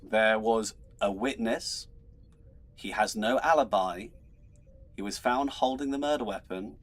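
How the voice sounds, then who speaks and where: A man's voice: on the low side, measured pace. A man hosting an online trivia show as quizmaster, chatty, laughing often and tripping over his words. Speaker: quizmaster host.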